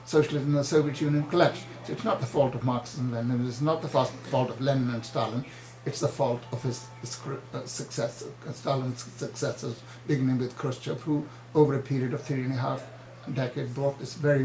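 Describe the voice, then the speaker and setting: An older man answering interview questions firmly and insistently, often halting mid-sentence. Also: medium pitch, fairly even intonation, darkish tone, reverberant, slight background noise, low-quality recording. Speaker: party chairman, interview guest.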